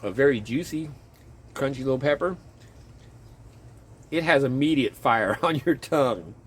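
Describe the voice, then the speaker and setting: A man casually chatting in his garden outdoors, rambling and chuckling as he talks, with a relaxed, self-interrupting way of speaking. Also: mid-range voice, a little slow, husky. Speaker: vlogger and home gardener.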